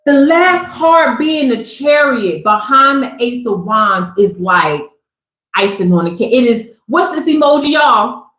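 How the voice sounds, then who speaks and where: A woman gives a live tarot reading in a loud, slangy voice that swings between preaching and joking. Her voice sits a little high. The room around her is echoey. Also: expressive, measured pace, faint music behind. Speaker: tarot reader. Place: Southern California.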